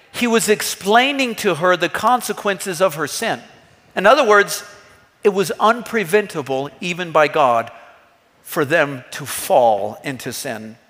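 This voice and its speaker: A thirtyish pastor with a high, somewhat bright voice preaches in a church hall where the sound rings with long reverb. His sermon is earnest and emphatic, built around rhetorical questions.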